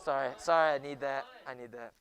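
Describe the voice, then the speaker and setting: A young man teaching a junior high Bible class in a classroom, joking with the students and often hushing them. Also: fairly even intonation, a little fast. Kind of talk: classroom lecture.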